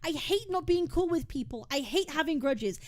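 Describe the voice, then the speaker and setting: A woman's voice: sits high, expressive, moderate pace. Heated, swearing woman streamer venting. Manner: heated, frustrated and heavily profane, repeating words and restarting; talks straight to chat, venting about friends. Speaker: game streamer. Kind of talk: casual livestream rant.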